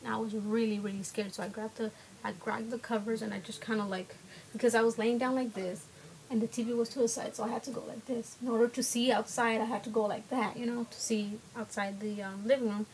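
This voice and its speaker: A woman's voice: fairly high pitch, flat delivery, brisk, darkish tone, poor audio. A young woman telling a personal story to camera, hesitant, with many fillers and restarts. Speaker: vlogger.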